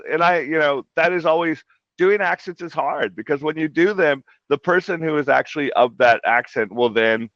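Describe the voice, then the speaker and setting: A man speaks as a guest in a casual interview, circling his points with a steady stream of "like" and "you know". His voice sits at an ordinary middle pitch. The audio is muffled and lo-fi, with a dry, dead sound. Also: dry recording. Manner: rambling, heavy on "like" and "you know". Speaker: comic translator guest.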